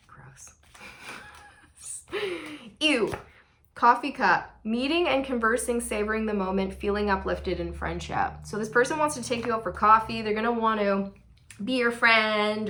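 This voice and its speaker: A woman's voice: a little high, moderate pace, fairly bright tone. A woman giving a casual tarot reading, chatty and sassy, with playful laughing asides. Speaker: tarot reader.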